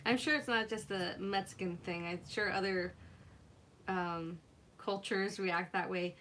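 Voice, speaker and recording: A woman's voice: medium pitch, steady tone, measured pace, a bit bright, a little hiss or hum. A woman who is a mother hosts a live craft demo, chatting casually with viewers and laughing often between remarks. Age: adult mother. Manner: chats with viewers while working. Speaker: craft livestream host.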